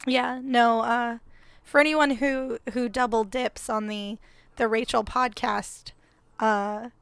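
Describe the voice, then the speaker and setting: A woman hosting a casual podcast, hoarse and scratchy voiced, bubbly and laughing easily. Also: on the high side, steady tone, takes it slowly, fairly bright tone, no echo. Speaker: podcast host.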